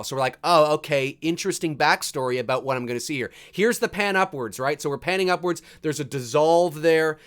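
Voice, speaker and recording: A man's voice: mid-range voice, a bit bright. A man hosting a live movie commentary stream, chatting casually and reading viewer comments aloud. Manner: casual, chatty, restarts and fillers, reads chat aloud.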